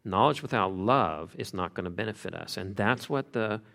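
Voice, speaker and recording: Low-voiced man preaching conversationally. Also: animated, normal speed, gravelly, a bit bright. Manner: conversational, emphatic, repeats key phrases. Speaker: pastor. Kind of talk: expository sermon.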